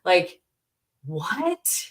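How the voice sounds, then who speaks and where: A young adult woman chats on her livestream at a slow, drawn-out pace. Her voice sits slightly low, and she sounds fed up, circling through fillers and half-finished sentences as she answers her viewers. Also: very animated. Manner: exasperated, rambling, many "like"s and restarts. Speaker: livestream host. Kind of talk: casual livestream chat, reading chat.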